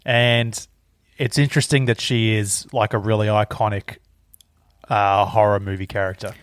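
A man's voice: lowish voice, flat delivery, normal speed, smooth, no echo, clean studio sound. A man chatting bluntly and swearing casually as a podcast co-host. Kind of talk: casual film chat.

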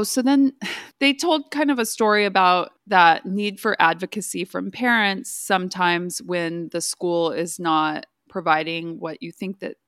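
A woman's voice: on the low side, dry recording. Earnest woman on a dry podcast mic. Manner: earnest, emotional when telling stories, laughs softly. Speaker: podcast co-host, speech-language pathologist. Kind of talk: casual book club discussion.

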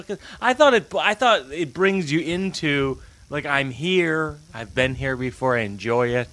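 An American man, a guest comedian, telling a story in casual podcast chat with halting restarts and self-deprecating asides. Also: fairly high pitch, expressive, fairly bright tone.

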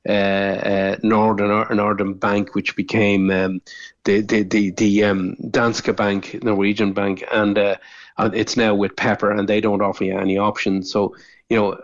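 A man with a lowish voice, a finance journalist, talks through a radio interview. He hesitates often and starts lines over. The sound is dry and a bit dull. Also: flat delivery, measured pace, dry recording. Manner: hesitant, with many fillers and restarts. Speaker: personal finance journalist on the phone.

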